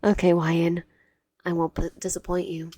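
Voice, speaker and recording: A woman's voice: fairly low pitch, flat delivery, moderate pace, warm tone, slightly rough, no room sound, clean studio sound. A woman voicing a possessive, tearful teenage boy classmate who pleads and clings. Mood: pleading.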